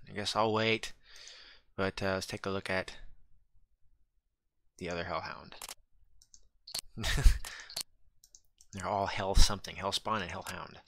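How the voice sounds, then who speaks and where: A man's voice: on the low side, sharp tone. A man casually commentating his mech game playthrough, chatty and joking, talking back to the game. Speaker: gaming channel host. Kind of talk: let's play commentary.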